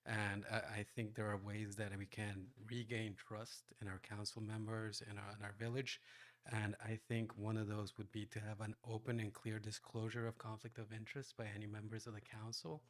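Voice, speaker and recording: A man giving an earnest, measured public comment at a council meeting, pausing now and then. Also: fairly low pitch, little pitch movement. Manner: earnest and measured, with some hesitations.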